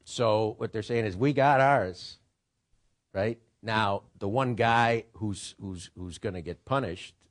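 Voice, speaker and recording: A man's voice: lowish voice, fairly even intonation, measured pace, hardly any pauses. A man giving an informal lecture on writing, rambling and digressive, with profane asides.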